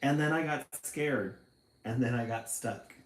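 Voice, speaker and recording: A man reading aloud and voicing a shy, gentle winged monster in a small, soft voice. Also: medium pitch, measured pace, reverberant, far from the mic, slight background noise, pitched above the performer's own voice, natural voice. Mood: timid.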